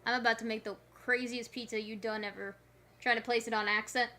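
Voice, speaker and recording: A woman's voice: a little high, steady tone, a little fast, pushed and bright, a little hiss or hum. A woman streaming a puzzle game, chatting casually with playful, rambling asides. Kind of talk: casual gameplay commentary.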